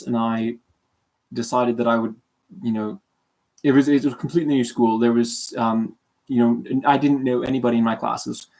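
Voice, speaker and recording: This young man, a Calgary streamer, has a gravelly, medium-pitched voice. He rambles casually on his livestream, putting himself down, sounding sleepy and hoarse from a sore throat.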